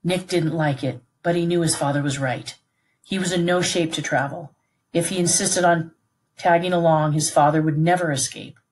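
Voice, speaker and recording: A woman narrating a novel aloud in a steady, clear, unhurried reading voice. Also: low voice, slight background noise.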